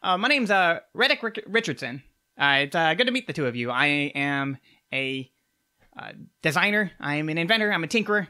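A man's voice: on the high side, expressive, fairly quick, pushed and bright, smooth, pitched above the performer's own voice. A man voicing a nervous male gnome inventor who stammers and fills his speech with hesitations. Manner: stammering, full of "uh"s.

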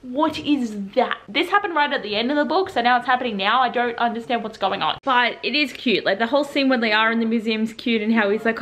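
Brief: young female book vlogger, casual and chatty, slightly higher pitch, lots of "like". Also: brisk, hardly any pauses. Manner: chatty, full of "like" fillers, excited asides. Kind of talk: casual reaction vlog. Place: at home in pajamas.

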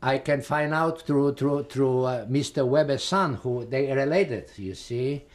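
An older man with a Polish accent gives oral history testimony. He talks in a halting, rambling way, repeating words and stopping on fillers, at an ordinary middle pitch. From Poland. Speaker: interviewee, Holocaust survivor.

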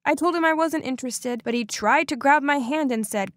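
A young adult woman narrating a first-person animated story in an expressive, dramatic way. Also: sits high, brisk, dry recording, clean studio sound.

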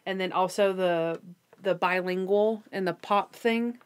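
A woman's voice: medium pitch, unhurried, smooth. A woman co-hosting a podcast, recapping episodes and chatting casually. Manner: relaxed, quotes lines in a playful voice. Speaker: podcast co-host.

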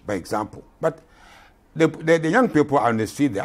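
A man's voice: a little high, expressive, brisk. A man in his eighties from Ghana, a retired general speaking as a guest in an interview, impassioned and emphatic, repeating himself for stress. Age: 80s.

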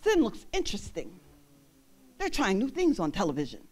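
A young woman minister preaching a sermon in a church, animated, laughing often and breaking into song. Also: medium pitch, normal speed.

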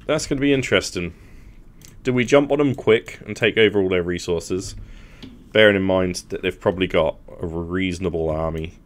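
A man with a deep, low-pitched voice chats casually over a strategy game. He thinks aloud, weighing each move as he makes it, like a gaming channel host. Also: normal speed. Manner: thinking aloud while planning moves. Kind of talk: casual gameplay commentary.

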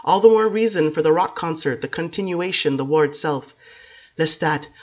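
A woman reading a novel aloud in a measured, expressive first-person narration. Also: sits low, dull audio. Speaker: audiobook reader.

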